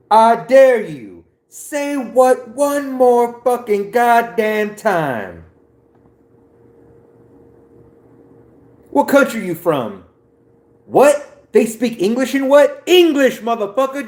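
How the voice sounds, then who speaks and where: A man voicing a furious, menacing male gangster, shouting drawn-out threats. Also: extremely high pitch, very animated, roomy sound, pitched above the performer's own voice, exaggerated voice.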